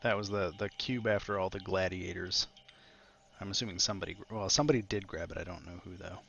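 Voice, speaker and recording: A man's voice: sits low, steady tone, fast talker, vocal fry, fairly bright tone, muffled recording, slight background noise. A man running a tabletop game as game master, narrating in a rambling way with many fillers.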